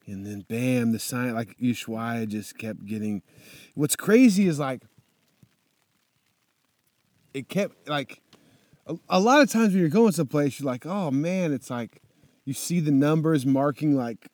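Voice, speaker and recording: A man's voice: medium pitch, expressive, moderate pace, darkish tone, dry recording. A young man casually telling a motorcycle trip story, laid-back and swearing constantly, with lots of fillers.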